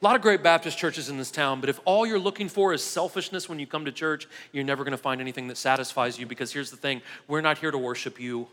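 Emphatic high-voiced male pastor preaching. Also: fast talker, few pauses, fairly bright tone, long reverb tail. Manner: emphatic, repeats key phrases, addresses crowd as guys. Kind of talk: sermon. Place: church sanctuary.

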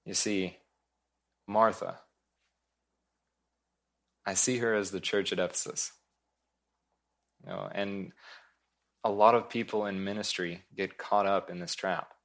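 A male pastor delivers a sermon in a low, deep voice. He speaks earnestly and with emphasis. He repeats his main points for weight. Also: steady tone, slow, gravelly, pauses often, a bit bright.

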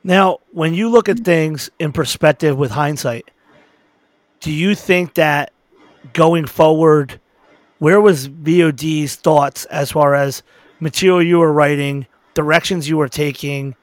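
A man hosting an interview, asking long questions with halting restarts. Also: on the high side, dry recording. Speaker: interviewer, host. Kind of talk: casual interview.

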